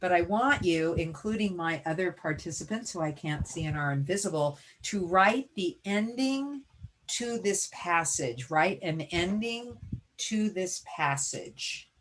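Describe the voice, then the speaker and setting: A woman's voice: on the low side, animated, unhurried, a bit bright, slight background noise. A woman teacher leading a reading lesson over a video call, giving encouraging step-by-step prompts. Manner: encouraging, directive classroom prompts. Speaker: teacher presenting a reading webinar.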